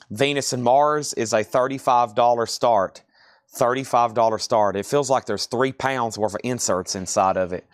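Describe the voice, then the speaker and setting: A man runs a live online record sale, calling out prices and buyers in a brisk, chatty patter. His voice sits at an ordinary middle pitch. The sound is dry and close, with no room echo.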